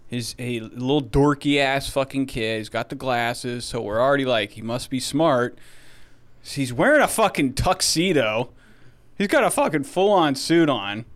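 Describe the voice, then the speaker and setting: A man's voice: medium pitch, measured pace. Profane, rambling man in his thirties with a resonant voice. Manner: profane, rambling, animated storytelling. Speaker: podcast co-host. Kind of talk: casual movie review chat.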